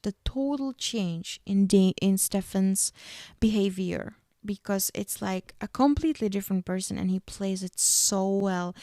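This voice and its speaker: A woman podcast host walks through an episode in a casual recap, pausing to correct herself and adding little fillers. Her voice is dark and mellow with a gravelly edge. The recording is dry and close. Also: medium pitch, no room sound. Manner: retells scenes step by step with fillers and self-corrections.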